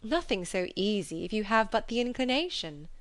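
A woman's voice: medium pitch, normal speed, no echo. Elizabeth, a woman voicing a witty young woman. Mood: teasing. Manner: lively, ironic.

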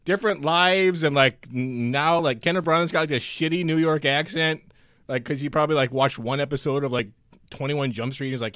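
A man's voice: on the high side, a little fast, dry recording, studio quality. A man co-hosting a podcast, chatting loosely about films and swearing freely. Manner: loose, swears a lot, lively. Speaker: podcast co-host. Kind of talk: casual movie chat.

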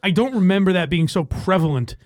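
A man's voice: high voice, animated, fairly quick, darkish tone, no room sound. Rambling man hosting a podcast, dry sound. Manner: rambling, many fillers, swears, laughs often. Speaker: podcast host. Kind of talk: casual chat.

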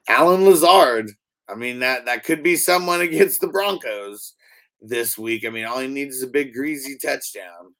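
A man's voice: mid-range voice, normal speed. A man hosting a casual fantasy football chat, running the segment and reading roster stats. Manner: relaxed, runs the segment, reads stats. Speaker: host.

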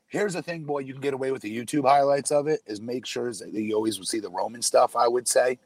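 A man's voice: mid-range voice, quick pace. Chatty man co-hosting a podcast. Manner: loose, chatty, laughs easily. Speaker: podcast co-host. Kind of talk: casual wrestling podcast chat.

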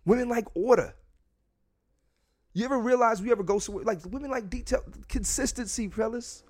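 A man's voice: very high voice, fairly quick, a little mellow. A man hosting a casual solo podcast from a room at home, blunt and profane, often repeating himself and restarting as he talks straight to his listeners. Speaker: podcast host. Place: home room near a window.

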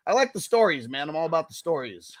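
A man's voice: a little high, very animated, fast talker, no echo, studio quality. A young man from California in casual podcast chat, easygoing and profane. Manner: easygoing, profane, laughs often. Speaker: podcast co-host.

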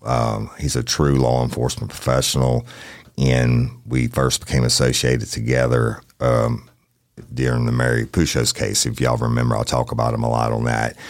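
A man hosting a true-crime podcast from a studio, talking in a folksy, plain-spoken way with drawn-out phrasing. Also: rumbling low, completely flat delivery, gravelly, dry recording. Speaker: podcast host.

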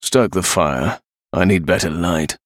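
A man voicing a scheming male gang leader who speaks slowly and with quiet menace. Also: low voice, dry recording, clean studio sound. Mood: cold scheming.

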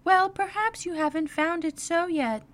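A woman's voice: extremely high pitch, moderate pace, a bit bright, slight background noise, voice pushed up. Woman doing a polite, bewildered storybook girl. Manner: polite, shy, sometimes flustered. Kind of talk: storybook read-aloud.

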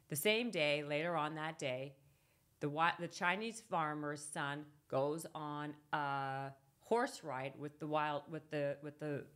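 Podcast guest, woman, deep voice, lively storyteller with many restarts. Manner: animated, restarts often, laughs a lot. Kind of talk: casual storytelling.

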